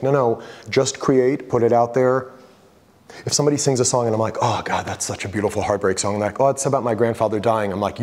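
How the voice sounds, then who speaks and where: A man's voice: mid-range voice, a little mellow. A man talks casually about his photography to a gallery crowd, filling his sentences with "like" and acting out old conversations. His voice rings with the long reverb of a big hall. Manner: loose and chatty, full of "like" and retold dialogue. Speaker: photographer giving an artist talk. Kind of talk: casual talk to a gallery audience.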